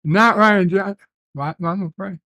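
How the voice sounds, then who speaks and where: A man hosting a casual livestream, reading viewer comments aloud and telling rambling stories with many filler pauses. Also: sits high, pushed and bright, no echo. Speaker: livestream host.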